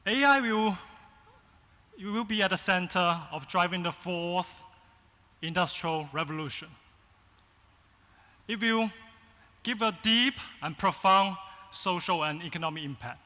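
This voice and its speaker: A man with a Chinese accent gives a keynote in a large conference hall, speaking in short, halting phrases. His voice is high and bright, and the long hall reverb trails each phrase. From China. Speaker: agency founder, keynote speaker.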